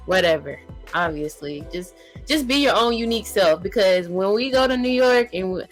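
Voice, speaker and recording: A woman with a Southern American accent co-hosting a podcast, telling stories in slangy, animated casual talk. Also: mid-range voice, normal speed, soft background music. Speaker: podcast co-host. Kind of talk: casual chat.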